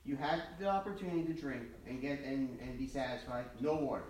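A man's voice: mid-range voice, fairly quick, a little mellow, a little hiss or hum, lightly acted. A man doing a stern, curt father. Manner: firm, curt refusals. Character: stern father refusing his son. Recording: echoey church from far off.

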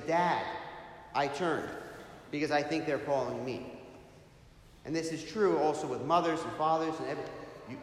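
A man who is a priest, giving a sermon in a large church in an earnest preaching manner, with rhetorical asides to the congregation. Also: fairly high pitch. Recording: very echoey hall, faint background hum.

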